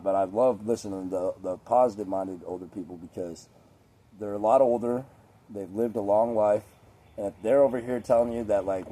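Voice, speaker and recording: A man's voice: fairly low pitch, warm tone. A young man rambling casually in a laid-back, profane, chatty way with lots of fillers.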